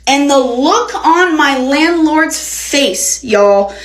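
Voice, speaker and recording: A woman's voice: high voice, expressive, extremely slow. A young woman telling an exasperated, profanity-laced story in a casual storytime. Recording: roomy echo.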